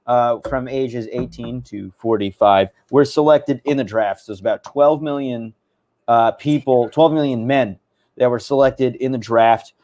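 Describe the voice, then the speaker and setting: A man's voice: mid-range voice, darkish tone. A man co-hosting a history podcast in casual chat, chiming in with facts and statistics. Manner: chatty, interjects with facts and statistics, apologetic. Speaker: podcast co-host.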